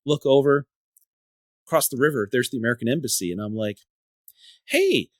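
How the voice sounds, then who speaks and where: Male podcast host, middle pitch, casual rambling storyteller, dry close sound. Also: fast, no echo. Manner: rambling storyteller, repeats and restarts words. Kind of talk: casual chat.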